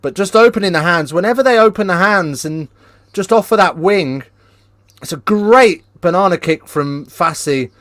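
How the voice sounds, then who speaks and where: A man with a fairly high voice hosts a live rugby watchalong, bantering with the chat and jumping into excited play-by-play. The sound is dry, with no room around him. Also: moderate pace, no room sound. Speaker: watchalong host.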